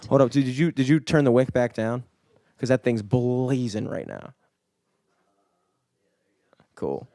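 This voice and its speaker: A man's voice: mid-range voice, lively intonation, unhurried, dark tone, no echo. A man co-hosting a podcast in casual chat, rambling and swearing, with lots of filler words. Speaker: podcast co-host. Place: studio.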